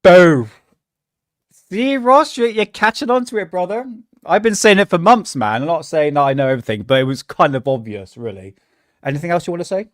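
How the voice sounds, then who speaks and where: A man's voice: fairly high pitch, expressive, brisk, no echo, studio quality. A man with a British accent hosting a casual livestream, rambling, swearing often and laughing at himself. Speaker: livestream host.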